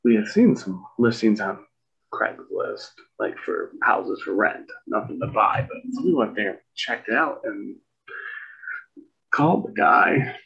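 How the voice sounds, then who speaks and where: A man from Michigan co-hosting a podcast, telling a rambling story with many pauses and restarts. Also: fairly low pitch, lively intonation, gravelly, fairly bright tone. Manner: rambling, full of fillers and restarts. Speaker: podcast co-host. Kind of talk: casual storytelling chat. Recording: dull lo-fi sound.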